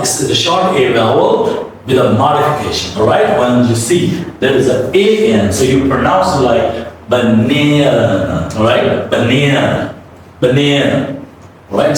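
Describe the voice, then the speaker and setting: A man leads a pronunciation lesson in an unhurried, drawn-out delivery, repeating each word again and again. He sounds set back from the mic in a very echoey room, with a faint hum behind him. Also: mid-range voice, expressive, recorded from a distance. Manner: repeats words slowly, asks listener to repeat. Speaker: English pronunciation teacher. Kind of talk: classroom-style pronunciation lesson.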